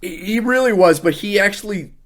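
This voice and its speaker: A man co-hosting a casual podcast, ranting about a film he hated. His voice sits a little high for a man, and he talks in an exasperated, sarcastic way. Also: a little fast, fairly bright tone. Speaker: podcast co-host. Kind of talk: casual podcast movie review.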